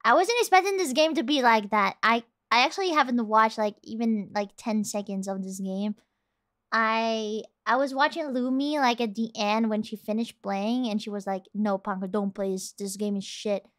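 Animated high-voiced young woman streamer. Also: normal speed. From Europe. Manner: animated, exclaiming, giggly asides. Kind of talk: casual game-stream commentary.

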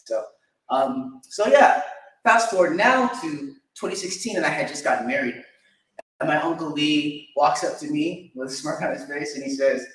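A young man giving a personal memorial tribute, telling stories and chuckling fondly. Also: on the high side. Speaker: eulogy speaker. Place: church sanctuary. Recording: echoey church from far off.

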